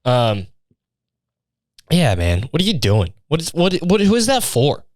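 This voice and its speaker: A man's voice: sits high, huge pitch swings, normal speed, pauses often, no room sound, clean studio sound. A young man hosting a podcast, ranting in a casual, exasperated and mocking way, full of swearing. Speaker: podcast host. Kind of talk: casual comedic rant.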